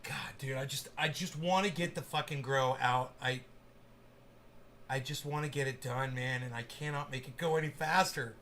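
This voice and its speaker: A man's voice: mid-range voice, moderate pace, a bit bright, a little hiss or hum. A man hosting his own channel, chatting casually in a rambling, profane way and laughing often. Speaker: channel host. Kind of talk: casual chat.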